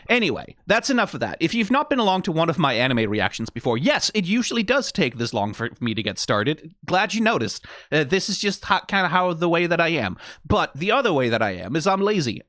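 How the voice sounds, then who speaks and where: A man's voice: fairly high pitch, fairly bright tone, no echo, clean studio sound. A man hosting an anime reaction stream, talking casually and rambling, repeating his points emphatically and swearing now and then.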